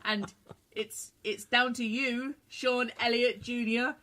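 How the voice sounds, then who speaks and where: A woman's voice: a little high, steady tone, slow pace, pushed and bright. A British woman co-hosting a casual internet radio talk show, giggling and teasing as she talks. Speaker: co-host.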